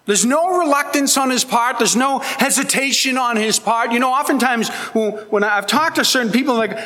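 A man's voice: extremely high pitch, moderate pace, hardly any pauses, sharp tone. A man preaching a sermon as pastor, earnest and emphatic, pleading with his listeners. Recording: long hall reverb.

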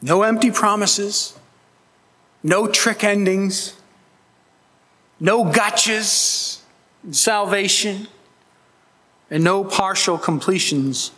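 Brief: male pastor, slow bright delivery, emphatic sermon, reverberant hall. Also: high-pitched, breathy edge. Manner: earnest, emphatic preaching with rising pleas.

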